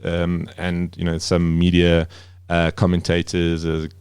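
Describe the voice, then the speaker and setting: A man's voice: sits low, monotone, unhurried, darkish tone, smooth, no room sound. A man who runs a media company, talking as a guest in a casual interview, rambling with many fillers and restarts.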